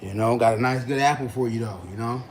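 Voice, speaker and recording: A tired, yawning American streamer talks fast in a mid-range voice against slight background noise. He's casual and joking with his viewers, slipping into slang and reacting to chat comments.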